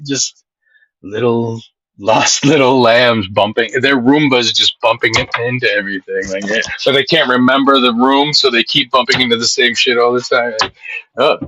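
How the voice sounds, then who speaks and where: A man streaming live, chatting casually with his viewers and reading their comments. He rambles and gets excited, and he swears freely. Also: mid-range voice, normal speed, muffled recording, slight background noise.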